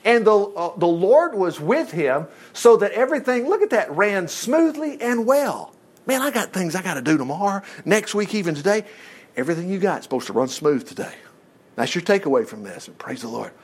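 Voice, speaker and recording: A man's voice: high-pitched, sing-song, fairly quick, husky. A man teaching a Bible study, reading scripture aloud and breaking in with folksy exclamations and rhetorical questions.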